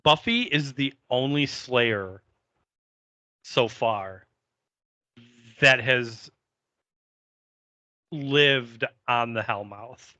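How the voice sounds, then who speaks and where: A man speaks slowly and deliberately on a podcast, his voice bright and sharp as he lays out opinions. The recording is dry and a little dull, lo-fi in tone. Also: mid-range voice, dry recording. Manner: deliberate, opinionated, occasional swearing. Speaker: podcast co-host. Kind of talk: casual chat recapping a TV episode.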